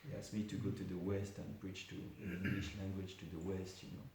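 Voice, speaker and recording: In a very echoey temple hall with faint hiss, a man gives an informal class, telling a story conversationally and full of asides. His voice is low-pitched and darkish, moving little in pitch while he talks fast.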